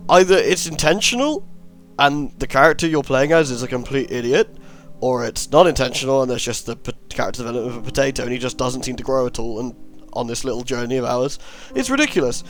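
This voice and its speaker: A man's voice: mid-range voice, animated, quick pace, fairly bright tone, faint music behind. A man hosting a let's play, rambling and sarcastic as he comments on the game. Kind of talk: gameplay commentary.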